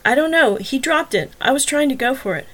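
A woman voicing a frantic, whining female killer in a narrated story, her lines shrill and desperately pleading. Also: animated, a little fast, fairly bright tone.

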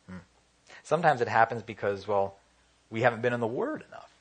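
A man in his thirties gives an informal sermon, mid-pitched and chatty. He slips into quick little voices for the people in his stories and keeps saying "you know" between thoughts. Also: animated. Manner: conversational, acts out quoted voices, many fillers. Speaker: preacher. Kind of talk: casual sermon.

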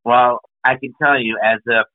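A New England business speaker, guesting on a podcast, talks enthusiastically in a conversational interview, telling stories and listing topics. His medium-pitched voice keeps a level tone and moderate pace, with no room sound and a narrow, phone-like band.

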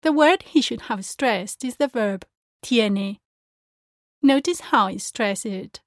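A woman language teacher giving a pronunciation lesson, speaking clearly and carefully as she demonstrates sounds. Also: a little high, animated, slow pace, dry recording, clean studio sound.

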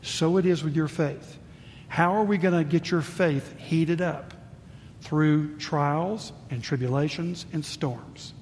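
An older man preaching a sermon as pastor, swinging between booming emphasis and hushed asides. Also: takes it slowly. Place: church sanctuary. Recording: reverberant church hall, faint rumble.

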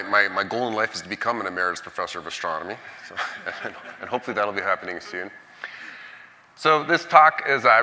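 A Canadian-born man in his sixties gives a public science lecture in a big auditorium. His voice sits low but has a very forceful, bright edge, and his manner is jokey and full of energy. The sound rings with a long hall reverb. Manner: jokey, energetic, leads the audience in cheers. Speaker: guest lecturer.

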